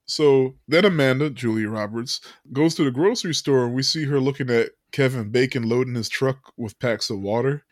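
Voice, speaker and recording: Man, casual podcast co-host, recaps a film, laughs a lot, acts out quotes, slightly high voice, dry close mic. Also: moderate pace, hardly any pauses, no room sound. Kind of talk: casual chat.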